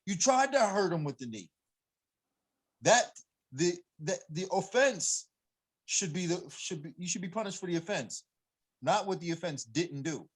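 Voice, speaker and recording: A man's voice: high-pitched, animated, normal speed, pauses often, breathy edge. A man talking as a podcast guest, an MMA coach, in casual chat, heated and emphatic, laughing when he gets fired up.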